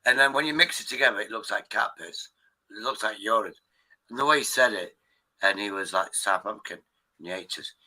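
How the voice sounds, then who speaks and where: A man's voice: fairly low pitch, a little fast, pushed and bright, poor audio. A man hosting a live stream, rambling in casual chat with his viewers, swearing freely and restarting his sentences often.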